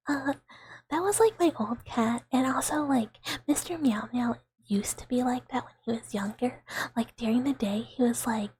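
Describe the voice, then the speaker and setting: A woman's voice: on the high side, normal speed, slightly rough. Brief: young woman streamer, close-mic whispered ASMR chat, airy and rambling. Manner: soft whisper, giggly, rambling with fillers.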